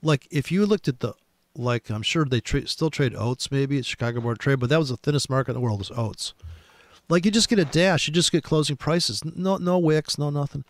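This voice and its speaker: A man's voice: fairly high pitch, animated, brisk. A man hosting a casual chat, telling rambling, profane trading stories full of restarts.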